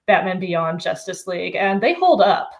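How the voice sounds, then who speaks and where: A woman's voice: fairly low pitch, very animated, moderate pace, creaky. A woman author as an interview guest, talking enthusiastically about the books and shows she loves. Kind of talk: casual interview chat.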